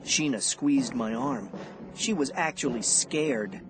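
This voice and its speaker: A man giving suspenseful first-person audiobook narration in a slow, expressive delivery, over background music. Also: mid-range voice. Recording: music bed under narration.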